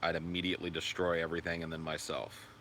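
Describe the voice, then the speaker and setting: A low-voiced man with a bright, forceful tone hosts a casual livestream. He rambles, swears freely and answers viewer comments. A faint hiss of noise sits behind him. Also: little pitch movement, fast. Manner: high sing-song baby talk to his dog. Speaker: livestream host.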